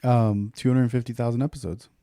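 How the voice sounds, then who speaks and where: A man's voice: medium pitch, fairly even intonation, fairly quick, dark tone, no echo. A middle-aged man co-hosting a podcast in casual chat, talkative and self-deprecating. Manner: chatty, self-deprecating, rambling restarts. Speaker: podcast co-host.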